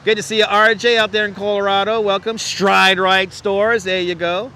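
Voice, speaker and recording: A man's voice: high-pitched, level tone, normal speed, pushed and bright, slight background noise. A man with a New York accent hosting a live stream outdoors, chatting casually, reading out comments, reminiscing and laughing often. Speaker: livestream host. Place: outdoors on a city street. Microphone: wireless clip-on mic.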